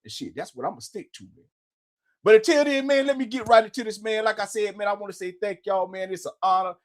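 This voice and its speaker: A man's voice: high voice, expressive, fast. A man hosting his own show, speaking, talking casually and profanely and tagging nearly every phrase with "man". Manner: profane, repetitive, says "man" constantly. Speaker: podcast host. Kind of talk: casual motivational monologue.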